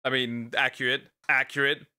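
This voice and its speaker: A man streaming as a VTuber, giving live reaction commentary with disbelieving exclamations that jump up into high outbursts. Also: flat delivery, normal speed, pushed and bright.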